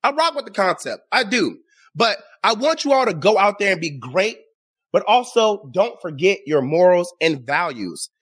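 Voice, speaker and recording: High, animated man hosting a commentary show. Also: normal speed, husky. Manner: sarcastic, exasperated, talks straight to the audience. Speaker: show host. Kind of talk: casual opinion commentary.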